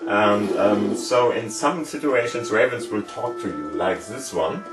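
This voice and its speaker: A lower-voiced man talks through a point-and-click adventure, stopping often with "um" and "more or less" as he explains each button. He sits a bit back from the mic in an echoey room, and game music plays steadily behind him. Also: a little slow, recorded from a distance. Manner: loose, explanatory, lots of hedging fillers. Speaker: gaming channel host. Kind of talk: let's play commentary.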